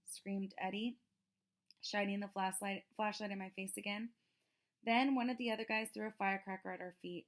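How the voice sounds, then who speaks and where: A woman reads a children's novel aloud in a steady, even narrating voice. Her voice has a gravelly, creaky texture and sits at a middle pitch. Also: fairly quick. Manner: steady storytelling. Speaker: reader.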